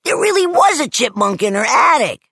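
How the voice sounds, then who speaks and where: A narrator voicing Stink, an eager, whiny young boy, in a high, excited, insistent voice. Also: normal speed, vocal fry, slightly rough, dry recording, clean studio sound, heavily acted.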